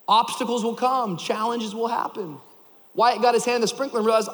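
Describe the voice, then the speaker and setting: A man in his thirties preaching to a church crowd, his voice high and bouncing all over the place. He tells stories with big energy and bursts into shouts to drive a point home. His words ring out with a long reverb through a large hall. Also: brisk. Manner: animated storytelling, shouting for emphasis. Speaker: pastor. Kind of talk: sermon.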